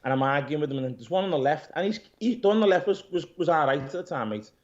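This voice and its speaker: A man, an interview guest who owns a gym, retelling events in a rambling, animated way, swearing and calling people "mate". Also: on the high side, fast talker. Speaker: interview guest, gym owner and pro bodybuilder. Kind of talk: casual storytelling interview. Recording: dull lo-fi audio.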